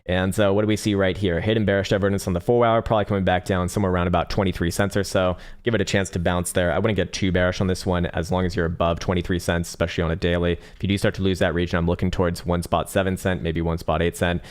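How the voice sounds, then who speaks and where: Deep-voiced man, livestream trading host, casual and profane, blunt chart calls. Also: little pitch movement, fast talker, hardly any pauses. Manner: profane, blunt, bursts into laughing rants. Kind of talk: live market analysis reading chat.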